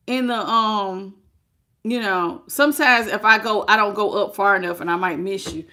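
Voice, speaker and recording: A woman's voice: mid-range voice, moderate pace, bright, forceful tone. A woman hosting a live-stream tarot reading. She talks straight to the listener and greets viewers by name, calling them sweetheart and baby. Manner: speaks directly to the listener.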